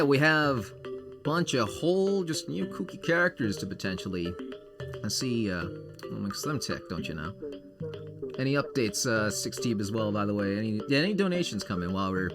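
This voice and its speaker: Host type, male, very lively delivery, reads every part in a visual novel, music underneath. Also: medium pitch. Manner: animated, voices many characters, chatty with fillers. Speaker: charity stream host. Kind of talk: live game streaming, reading characters aloud.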